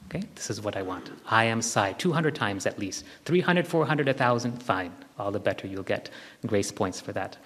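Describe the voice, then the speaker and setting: A man's voice: fairly low pitch, lively intonation, moderate pace. Man teaching a group in a reverberant hall. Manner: gently instructive, repeats key phrases. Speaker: spiritual teacher. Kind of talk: live spiritual talk to a group. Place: large hall with long reverb. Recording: long hall reverb from a live talk.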